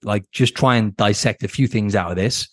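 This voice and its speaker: A man's voice: lowish voice, moderate pace, fairly bright tone, dry recording, studio quality. Blunt casual man hosting a podcast. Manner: blunt, casual, keeps asking "right?", swears. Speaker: podcast host and coach. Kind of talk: solo podcast advice talk.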